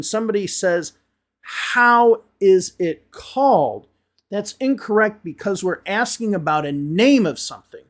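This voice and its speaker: A man teaching English in a video lesson, slowly repeating example words as he explains common mistakes. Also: high-pitched.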